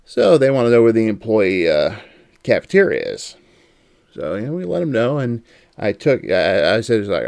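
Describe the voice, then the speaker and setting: A man's voice: lowish voice, very animated, moderate pace, gravelly, long pauses, a little mellow, no echo, clean studio sound. A man hosting a casual podcast chat, telling anecdotes and laughing often. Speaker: podcast host.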